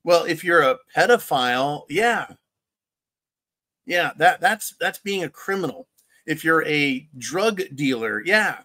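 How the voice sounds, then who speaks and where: Reading his viewers' chat aloud, a livestream host runs a casual political commentary show, rambling sarcastically with chuckles and mocking jabs. His voice is fairly high-pitched, pushed and bright.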